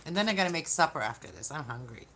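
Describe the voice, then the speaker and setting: A woman's voice: deep voice, sing-song, fast, bright, forceful tone, a little hiss or hum. A woman giving a casual live-streamed tarot reading, chatting to viewers and often restarting her sentences. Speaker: tarot reader.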